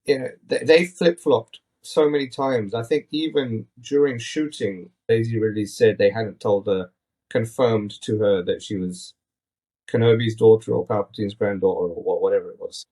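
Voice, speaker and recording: A man's voice: fairly low pitch, steady tone, normal speed, mellow, breathy edge. A man hosting a casual podcast, talking in an opinionated, rambling, critical way into a tablet mic. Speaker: podcast host.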